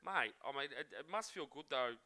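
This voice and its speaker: Bright-voiced man hosting. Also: mid-range voice, lively intonation, normal speed. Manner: friendly, rambling questions with restarts. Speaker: podcast host. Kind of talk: casual interview.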